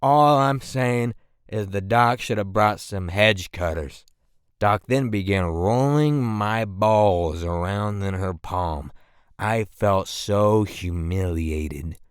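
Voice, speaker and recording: In comedic storytime narration for an animation, a man in his twenties tells crude, self-mocking anecdotes at a slow pace, punctuated by sudden loud bursts. His voice is a little low, smooth and resonant, recorded close and dry with no room sound or echo.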